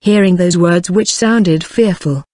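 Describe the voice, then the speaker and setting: A text-to-speech voice narrating a light novel in first person, flatly reading punctuation marks aloud. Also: medium pitch, a little slow, no echo, studio quality. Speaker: audiobook narrator.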